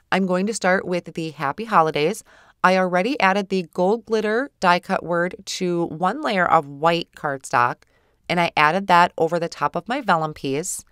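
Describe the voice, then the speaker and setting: A woman with a congested cold voice explaining a craft project step by step in a relaxed voice-over, now and then stumbling over her words. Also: fairly low pitch, clean tone, no room sound, studio quality. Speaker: craft tutorial presenter.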